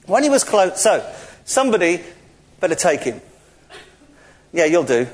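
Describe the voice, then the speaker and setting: Lively, high-voiced preacher. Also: male voice, moderate pace. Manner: jokey, laughs often, animated storytelling. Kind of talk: playful interactive sermon, directing volunteers. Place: church service.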